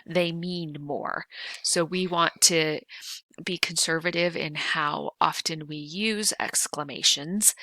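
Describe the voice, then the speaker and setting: A middle-aged woman teacher giving a video grammar lesson, explaining patiently and clearly, slowing down to stress key points. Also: fairly low pitch, bright, forceful tone, dry recording.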